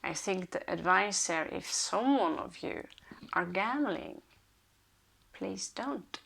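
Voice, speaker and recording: A woman's voice: mid-range voice, lively intonation, slow pace, creaky, a bit bright, breathy edge. A woman hosting a casual rune reading, thinking aloud with many hesitations. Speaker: rune reader and channel host.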